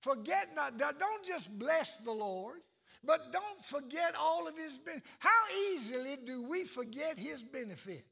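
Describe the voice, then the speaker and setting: A man preaching a sermon, shouting and chanting phrases in a slow, drawn-out, impassioned way. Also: very high voice, expressive, gravelly. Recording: echoey hall.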